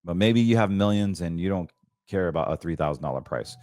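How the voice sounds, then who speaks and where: A man hosting a financial talk show, chatting casually and excitably about trades, often stumbling and restarting his sentences. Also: sits low, fairly quick, dry recording. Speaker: host.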